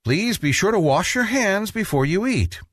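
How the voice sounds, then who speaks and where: A man's voice: high voice, big pitch swings, moderate pace, no echo, clean studio sound, voice pushed up. A man voicing a patient mother pleading with her picky son, in a sing-song storybook manner. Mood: coaxing.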